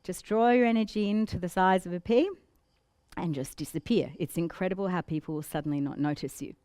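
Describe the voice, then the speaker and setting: A woman presenting a business training talk to an audience. She talks in a lively, demonstrative way and breaks into playful giggly impressions to make her points. Her voice sounds dry and close, with no room echo around it. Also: lowish voice, fairly quick, clear, resonant tone. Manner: demonstrative, acts out examples with giggles.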